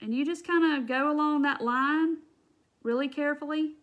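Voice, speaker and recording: Hosting a live crafting demo, a woman talks directly with her audience and answers their comments while she works. She speaks at a moderate pace in a high-pitched voice, and the recording sounds muffled.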